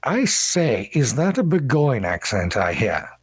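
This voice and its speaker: A man's voice: medium pitch, sing-song, measured pace, husky, no echo. A man voicing a suave, cultured male elf attorney who speaks in polished, courtly phrases.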